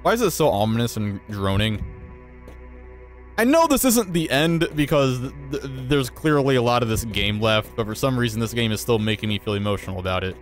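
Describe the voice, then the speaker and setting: An excitable man playing through a role-playing game, reading the characters' lines aloud and commenting as he goes. His voice is mid-pitched but swings widely, leaping high when he is alarmed. Faint music plays behind him. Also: fairly quick. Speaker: let's play host.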